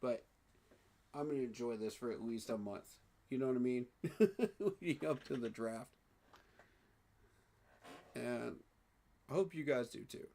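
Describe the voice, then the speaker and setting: Emotional, excitable man. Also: medium pitch, moderate pace, gravelly, pauses often. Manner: emotional, excited, repeats himself. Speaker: sports fan vlogger. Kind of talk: casual fan reaction vlog.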